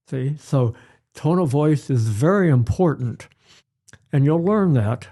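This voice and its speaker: Slow-spoken older man, mellow tone. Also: on the high side, animated. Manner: unhurried, storytelling, acts out examples. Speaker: pediatrician guest. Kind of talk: advice-giving interview chat.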